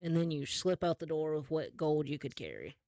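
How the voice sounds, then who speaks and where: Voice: medium pitch, very animated, fairly quick, dark tone, no room sound, clean studio sound. A game master narrating a tabletop game in an easygoing, second-person storytelling way.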